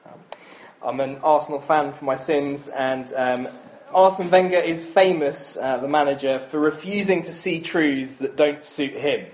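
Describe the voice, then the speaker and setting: A man's voice: fairly high pitch, unhurried, a little mellow, slight background noise, rough recording. A man in his thirties preaching a sermon in a chatty, self-deprecating way, with frequent ums and asides.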